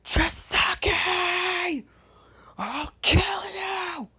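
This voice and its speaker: A man's voice: extremely high pitch, extremely slow, pushed and bright, voice pushed up, heavily acted. A narrator voicing an enraged young hero boy who screams death threats in a fan-made story. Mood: furious shouting. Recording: dull lo-fi recording.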